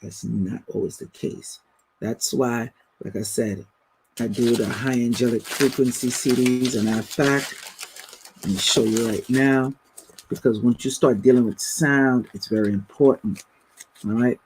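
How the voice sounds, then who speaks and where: Male livestream host, slow and husky, casual storytelling. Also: medium pitch, warm tone, poor audio. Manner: slow, storytelling, reads out viewer comments. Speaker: livestream host answering viewer questions. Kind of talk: casual spiritual livestream talk.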